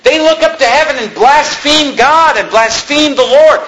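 A man preaching a sermon, reading scripture in a slow, solemn tone and then retelling it in everyday words. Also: extremely high pitch, fairly bright tone, a little hiss or hum, poor audio.

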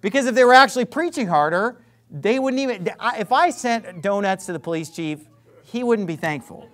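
A man's voice: high-pitched, expressive, fairly quick. Combative, sarcastic preacher man. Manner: sarcastic, combative, swings between loud emphasis and muttered asides. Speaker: pastor. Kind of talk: fiery sermon.

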